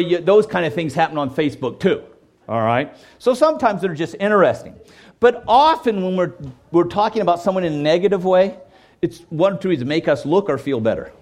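A man's voice: a little high, animated, fairly quick. A man preaching a sermon in a conversational way, often checking in with "okay?" and acting out quoted voices. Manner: acts out quoted voices and jokes. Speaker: pastor.

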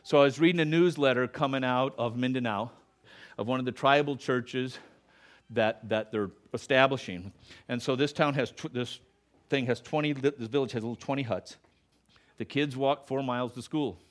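A middle-aged male pastor preaching a sermon in church, earnest, rising in emphasis then dropping soft, closing in prayer. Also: medium pitch, moderate pace. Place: church sanctuary.

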